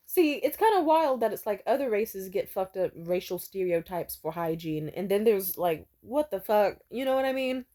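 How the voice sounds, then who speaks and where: A woman's voice: on the low side, warm tone. A woman in her twenties telling stories in a casual vlog monologue. She swears freely, laughs often, and trails off and restarts her sentences. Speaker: vlogger.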